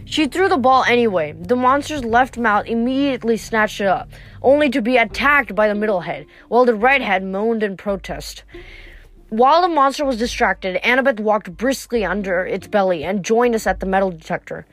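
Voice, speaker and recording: A woman's voice: fairly high pitch, expressive, normal speed, a bit bright. A woman reading a novel aloud, sometimes stumbling and restarting a word. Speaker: reader.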